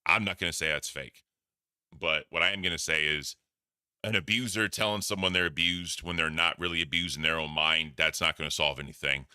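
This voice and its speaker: A man hosts a casual stream with a very deep but bright and clear voice. He rambles bluntly and swears freely as he reacts to clips. The sound is dry and close. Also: steady tone, fairly quick, dry recording. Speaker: host.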